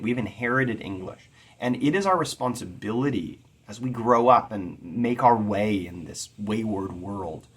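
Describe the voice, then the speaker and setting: A man giving an earnest, expressive lecture on poetic meter, sounding out rhythms as he teaches. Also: on the low side, slightly rough. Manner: earnest and expressive, tapping out rhythms with spoken syllables. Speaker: poetry teacher.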